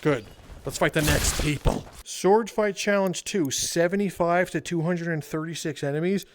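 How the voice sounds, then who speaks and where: A man giving casual, excitable gameplay commentary as a mod reviewer, chatting to the characters on screen and laughing often. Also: fairly high pitch, normal speed, noisy background. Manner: excitable, talks to game characters, frequent laughs. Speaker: video game mod reviewer.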